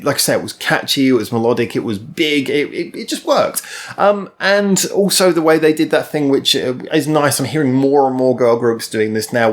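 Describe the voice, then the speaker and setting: Chatty man rambling through a music review. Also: medium pitch. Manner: rambling and chatty, full of ums and restarts. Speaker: music reviewer hosting his channel. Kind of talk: casual spoken music review to camera.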